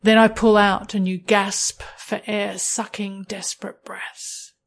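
A woman telling an erotic story in the second person, slow, deliberate and commanding. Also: mid-range voice, little pitch movement, vocal fry.

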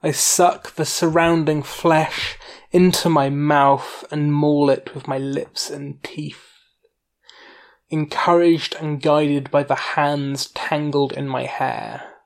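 A narrator reading a first-person erotic story in an unhurried, intimate way. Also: mid-range voice, little pitch movement.

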